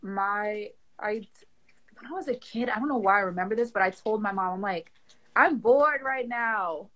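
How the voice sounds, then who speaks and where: A woman in her twenties, a guest in a casual chat, talking in an animated, slangy way and laughing often. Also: medium pitch, fairly quick, rough recording. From Haitian family.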